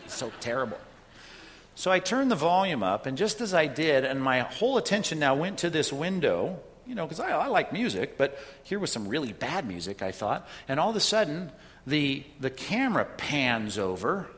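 A man's voice: fairly high pitch, fairly bright tone, long reverb tail. A man preaching a sermon in a conversational way, often checking in with "right?" as he tells a story and makes his point. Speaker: pastor.

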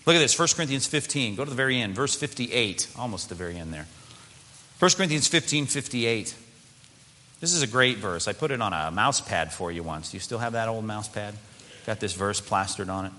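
A male pastor preaches in a relaxed, conversational way, with a bright, ringing tone and a pitch that swings up and down a lot. He throws in asides and rhetorical questions to the congregation. His voice carries a long reverb, as in a large sanctuary. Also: a little fast. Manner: mimics whining body parts in a high voice. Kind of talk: sermon.

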